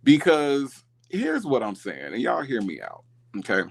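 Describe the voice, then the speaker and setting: Lively gravelly-voiced man hosting a livestream. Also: mid-range voice, unhurried. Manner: animated, reads chat comments aloud, repeats himself. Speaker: livestream host. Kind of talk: casual live chat commentary.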